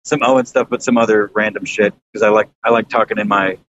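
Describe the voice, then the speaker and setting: A man's voice: fairly even intonation, fast talker, fairly bright tone. Rambling man on a lo-fi podcast call. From American South. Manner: rambling, many fillers and restarts, swears casually. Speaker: YouTuber guest. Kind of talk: casual podcast chat. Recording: slightly dull lo-fi sound with faint rumble.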